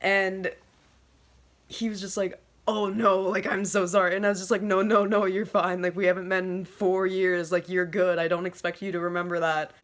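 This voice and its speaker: A woman in her twenties telling a casual storytime vlog, swearing constantly and talking excitably. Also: fairly low pitch, normal speed. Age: 20s. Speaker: vlogger.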